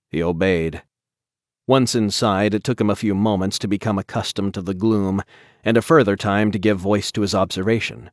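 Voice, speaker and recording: A man narrating a dark story as an audiobook, in a measured, even storytelling manner. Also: low voice, no room sound, clean studio sound.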